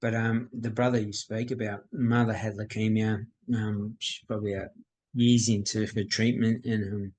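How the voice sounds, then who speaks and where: A middle-aged Australian man, a mindset coach appearing as a podcast guest, tells his life story in a plain-spoken, reflective way, acting out quoted dialogue. His voice sits on the low side with a darkish tone and a flat delivery at a moderate pace. The recording is rough, with a little hiss or hum.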